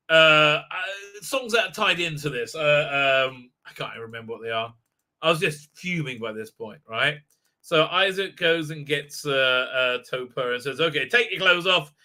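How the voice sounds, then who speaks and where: A male host recapping a TV episode on a live stream in heated, indignant casual talk, full of halting restarts. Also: fairly high pitch, bright, forceful tone. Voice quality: frequent filler sounds and restarts, heated, indignant. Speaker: show host.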